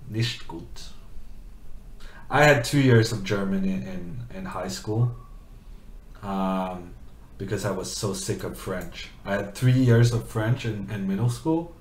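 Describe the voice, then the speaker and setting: A man from Norway streams chess, offering casual commentary as he plays, rambling along and reading viewers' questions aloud. His voice is lowish and sounds reverberant.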